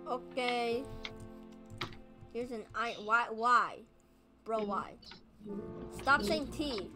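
A woman giving casual gameplay commentary as a video host, excitable, pleading with and scolding creatures in the game. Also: on the high side, extremely slow, pauses often. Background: background music.

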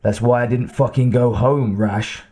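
A male narrator voicing an injured, blunt, profane male police detective with a gruff, curt delivery. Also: medium pitch, fairly even intonation, a little slow, dark tone.

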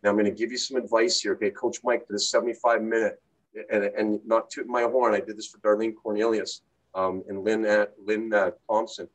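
A middle-aged man giving an energetic, repetitive motivational talk as a sales coach, punctuating his points with "okay?". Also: fairly low pitch, fairly quick, low-quality recording. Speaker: network marketing coach.

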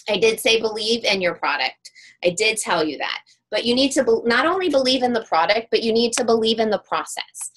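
A woman's voice: on the high side, a bit bright. A woman giving an emphatic, motivational talk on online sales during a webinar. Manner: emphatic, upbeat pep-talk delivery.

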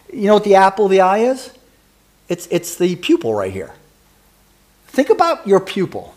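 Guy preaching a sermon, high pitch, lots of up and down, keeps asking the crowd stuff. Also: moderate pace. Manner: lively preaching, asks the congregation questions and teases them by name. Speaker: pastor.

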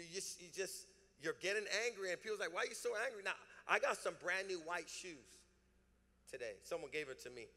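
A pastor delivers a sermon in a church sanctuary, preaching emphatically with call-and-response. His voice is high and bright, and the recording carries the long reverb of a church hall.

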